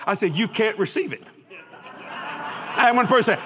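Folksy preacher guy, high sharp voice, big echoey church hall. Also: animated, quick pace, breathy edge. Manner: folksy and boastful, laughing at his own lines. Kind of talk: sermon. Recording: long hall reverb.

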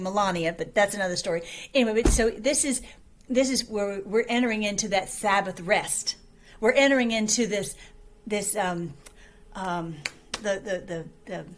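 A woman's voice: medium pitch, fairly bright tone. A woman hosting an online show, talking casually to her viewers in a rambling, chatty way with many restarts, her voice a little weak and short of breath.

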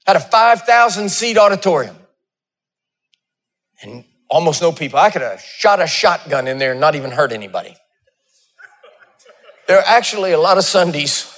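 A man who is a pastor, preaching a sermon with dramatic storytelling, rising to loud peaks and dropping to hushed asides, before a laughing audience. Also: on the high side, animated, moderate pace, pauses often.

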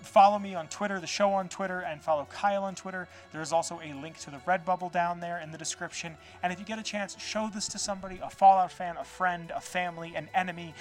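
A man's voice: high voice, fairly even intonation, fast, few pauses, soft background music. A man hosting a podcast, chatting casually and rambling loosely, with plenty of swearing and filler words. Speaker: podcast host. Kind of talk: casual solo podcast chat.

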